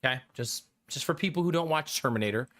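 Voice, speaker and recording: A man's voice: a little high, lively intonation, fast talker, a bit bright. A man in his thirties, a live streamer chatting casually and jokingly with his viewers, often breaking into giggles. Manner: giggly, joking, talks to chat.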